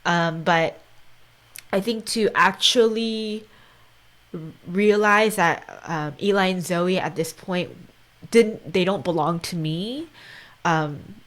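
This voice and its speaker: Soft-spoken woman, lowish voice. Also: slow. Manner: soft-spoken, earnest, often drops to a near whisper; heavy use of "like" and "right?". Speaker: podcast host. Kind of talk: casual conversation.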